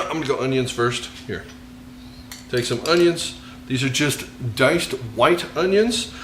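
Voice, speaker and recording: A man's voice: mid-range voice, noisy background. An American man cooks on camera and chats as he goes, cracking jokes at his own expense. His voice bounces around a roomy kitchen, with the faint clink of cutlery and dishes behind him. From United States. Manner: joking, rambling, self-mocking asides. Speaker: cooking show host. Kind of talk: casual cooking demonstration.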